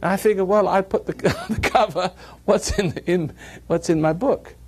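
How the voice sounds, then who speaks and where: Before a live audience one evening, a man tells meandering stories and chuckles at his own humor. He speaks at a normal speed in a high-pitched voice that's husky and a touch mellow.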